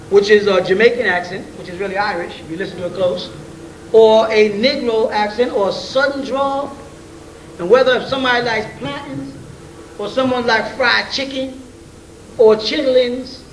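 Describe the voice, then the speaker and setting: High-voiced man lecturing, slangy and joking. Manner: slangy, joking, full of rhetorical questions; chuckles between points. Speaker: lecturer addressing an audience. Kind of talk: informal spoken lecture. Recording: roomy, distant, faint hiss.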